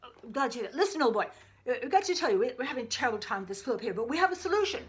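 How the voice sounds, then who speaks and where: A woman's voice: high voice, very animated, very fast. A woman playing a chummy male country doctor from 1918, chatting heartily on an improvised phone call. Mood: hearty.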